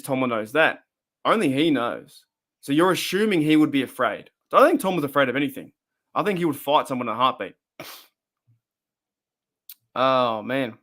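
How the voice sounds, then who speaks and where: Hosting a relaxed fan show livestream, this Australian man has a medium-pitched, fairly bright voice. He rambles chattily and reads viewer chat comments aloud along the way.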